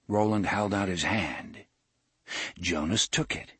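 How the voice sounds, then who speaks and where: A man narrating an audiobook in a measured, expressive storytelling manner. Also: low-pitched, husky, no room sound. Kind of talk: scripted narration.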